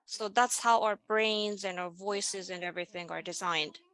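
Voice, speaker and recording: A woman's voice: medium pitch, fairly even intonation, normal speed, a bit bright. A woman giving an online presentation in a panel dialogue, explaining ideas step by step and guiding listeners through simple exercises over a video call.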